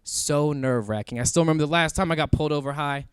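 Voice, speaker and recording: A man's voice: a little high, fast, clean tone, no echo, clean studio sound. A young man from Kansas City doing a crude stand-up comedy set on stage before a live audience. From Kansas City, USA. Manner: crude, animated storytelling.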